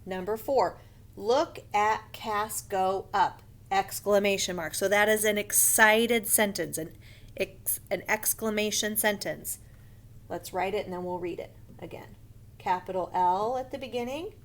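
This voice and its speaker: A woman teaching a first grade grammar lesson in a slow, patient voice, and now and then she whispers a quick aside to herself. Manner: slow, patient teacher voice, sometimes lifts her pitch to show an excited sentence. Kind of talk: recorded online grammar lesson.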